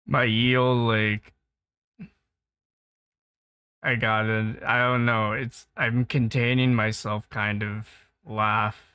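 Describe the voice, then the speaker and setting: A man's voice: lowish voice, smooth, no room sound, studio quality. A man casually chatting while streaming his art, rambling and laughing easily. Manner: relaxed, rambling, quick to laugh.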